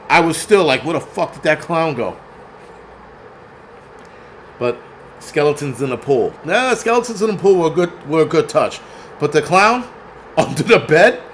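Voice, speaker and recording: A man's voice: a little high, a bit bright, a little hiss or hum. A man in his forties hosting a casual livestream, rambling with plenty of swearing and answering chat as he goes. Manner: profane, rambling, reads chat aloud. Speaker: film review livestream host.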